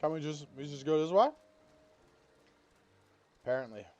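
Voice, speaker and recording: A man's voice: on the high side, quick pace, dark tone, highs cut off. A man streaming a game, chatting casually, who swears and scolds his cat in baby talk. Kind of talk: casual live-stream chat.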